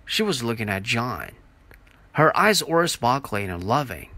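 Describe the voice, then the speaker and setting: A man reads a story aloud at an unhurried pace, his voice moving expressively up and down. The tone is bright and forward, and the recording is close and dry. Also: medium pitch, very animated, no room sound. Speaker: narrator. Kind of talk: audiobook reading.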